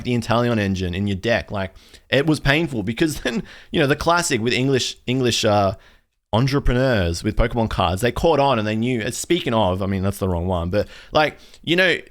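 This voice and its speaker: A man's voice: mid-range voice, a bit bright. A young man hosting a casual pack-opening video, ranting in an exasperated, rambling way with frequent restarts. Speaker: card collector video host.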